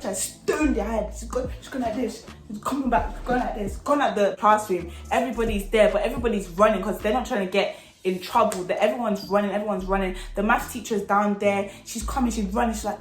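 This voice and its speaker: A young woman telling a lively storytime in a vlog, full of slang and acted-out scenes. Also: mid-range voice, a little fast, soft background music. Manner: animated, slangy, acts out the scenes. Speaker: vlogger. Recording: echoey room.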